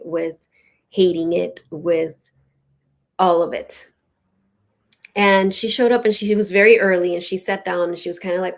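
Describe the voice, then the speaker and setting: A woman's voice: on the low side, creaky. A woman hosting her own show, giving a casual spiritual teaching in an earnest, storytelling way with many "like"s and "you know"s. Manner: earnest, with soft laughs. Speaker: host and spiritual leadership teacher.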